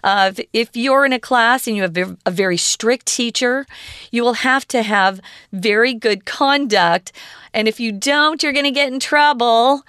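A woman's voice: fairly high pitch, moderate pace, a bit bright, clear, resonant tone, dry recording, studio quality. A woman who explains English words and grammar patiently, with the odd filler. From United States. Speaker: English teacher.

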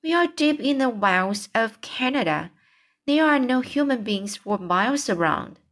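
A woman's voice: on the high side, lively intonation, a little slow, fairly bright tone, pitched above the performer's own voice. An indignant male cock swan, read by a woman. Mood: puzzled. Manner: stiff, complaining.

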